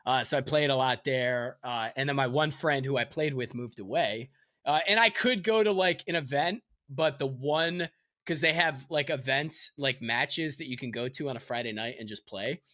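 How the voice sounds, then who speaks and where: A man's voice: medium pitch, moderate pace, bright, forceful tone, dry recording, clean studio sound. A young man co-hosting a casual podcast, laughing easily and swearing freely. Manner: loose, laughing, swears a lot. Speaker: podcast co-host. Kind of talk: casual chat.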